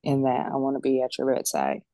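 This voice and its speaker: A woman's voice: very deep voice, big pitch swings, a little fast, dark tone, dry recording. A woman working as a death doula and medium, speaking candidly and colloquially as a podcast guest, acting out the voices in her stories. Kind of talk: casual heartfelt interview talk.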